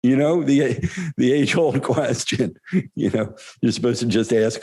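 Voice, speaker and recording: An older man shares spiritual stories in an unhurried, reflective talk. His voice is mellow and relaxed, and he pauses often and chuckles along the way. He speaks at a slow, thoughtful pace. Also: medium pitch, husky. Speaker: spiritual storyteller.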